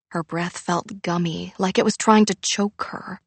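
A woman reading a novel aloud in measured, even narration. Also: fairly low pitch, husky, no echo. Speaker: audiobook narrator. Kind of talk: scripted narration.

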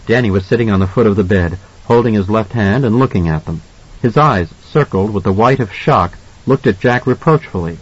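Husky male audiobook narrator. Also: lowish voice, brisk, dull audio. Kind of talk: scripted narration.

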